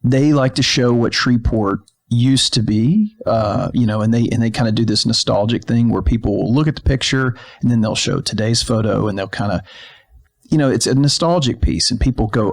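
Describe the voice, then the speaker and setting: A man's voice: medium pitch, moderate pace. A man co-hosting a podcast, telling stories in a rambling casual chat full of fillers and restarts, in a filmed studio. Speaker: podcast co-host.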